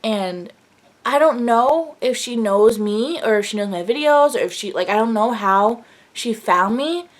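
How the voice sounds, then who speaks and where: A young woman vlogger telling an excited story in a gushing, breathless way, full of fillers. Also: on the high side, a little slow.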